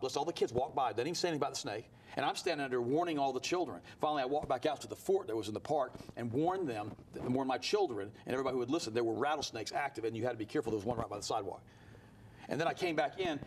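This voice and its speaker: This man's voice sits on the high side, with a faint hiss or hum in the recording. Appearing as a studio talk-show guest, he tells a story quickly and heatedly during a lively interview.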